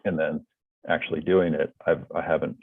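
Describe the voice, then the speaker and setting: A man's voice: rumbling low, level tone, moderate pace, husky, no room sound. A man from North America, a podcast guest, talking in a hesitant way with many restarts and fillers. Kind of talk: casual interview talk. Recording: tinny phone-like line.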